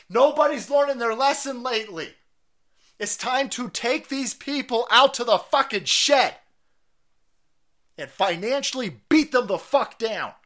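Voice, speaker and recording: A man hosting a livestream, ranting angrily and profanely, with sudden shouted bursts. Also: high-pitched. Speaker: livestream host.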